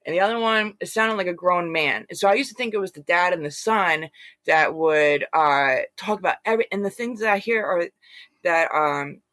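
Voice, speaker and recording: A woman recounts her story as an interview guest, talking in a loose, rambling way with plenty of fillers and acted-out quotes. Her voice is bright and forceful. The sound is dry and close, with no room echo. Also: fairly low pitch, normal speed. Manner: rambling, animated retelling with many fillers. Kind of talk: casual storytelling.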